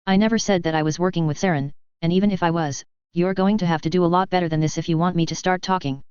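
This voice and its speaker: A woman's voice: on the low side, steady tone, fast talker, a little mellow, clean tone, no echo, lo-fi sound, natural voice. A woman voicing a defiant alien female mercenary leader who speaks with hissing scorn in a story reading.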